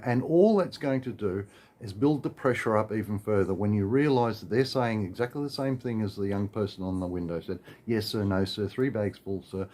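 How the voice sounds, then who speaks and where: A man's voice: on the low side, a little mellow. A man with an Australian accent, ranting in a rambling, exasperated way with lots of filler and restarts. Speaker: vlogger. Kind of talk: casual ranting monologue.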